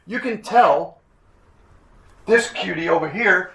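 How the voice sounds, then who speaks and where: A man in his sixties, a chiropractic instructor giving a classroom lecture, emphatic, repeating his points and often clearing his throat. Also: fairly high pitch, normal speed. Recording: echoey room.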